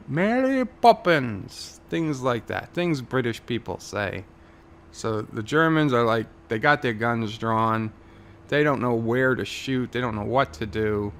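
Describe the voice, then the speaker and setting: Male storyteller, unhurried and gravelly, rambling mock-earnest delivery with lots of fillers. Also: mid-range voice, a bit bright, a little hiss or hum. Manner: meandering, frequent fillers and restarts, mock-earnest. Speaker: YouTuber telling a mock history.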